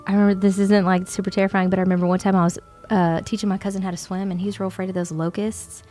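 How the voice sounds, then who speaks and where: A Texan woman co-hosting a casual chat, talkative and quick to react. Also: mid-range voice, little pitch movement, dark tone, soft background music. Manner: chatty, quick reactions and gasps. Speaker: podcast co-host.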